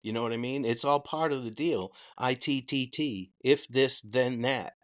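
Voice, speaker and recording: A man's voice: mid-range voice, moderate pace. A man from Boston with a Boston accent, hosting a live stream and giving blunt, profane opinions while reading viewer questions. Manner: answers chat questions. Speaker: host. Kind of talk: casual live-stream commentary.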